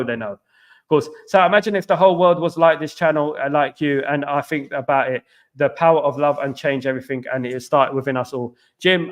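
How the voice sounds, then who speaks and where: A middle-aged man from London hosting a casual live stream, reading viewers' comments and chatting back with repeated phrases and shout-outs. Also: a little high. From London, England.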